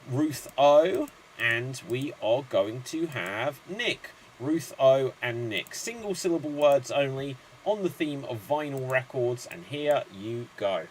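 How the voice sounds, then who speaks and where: A man hosting an online improv show, briskly announcing games and rattling off long chains of names. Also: mid-range voice, a little hiss or hum.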